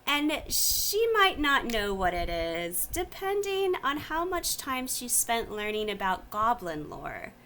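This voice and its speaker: A woman running a tabletop game, describing the scene with a playful touch. She speaks slowly, her pitch rising and falling a lot. There is a faint hiss behind her voice. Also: very animated, sharp tone. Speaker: game master.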